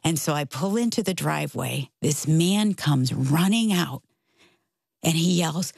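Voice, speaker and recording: A middle-aged woman telling a personal story in casual conversation, animated and acting out the voices of the people in it. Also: deep voice, unhurried, vocal fry, breathy edge, no echo. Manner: animated, acts out quoted voices. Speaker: guest.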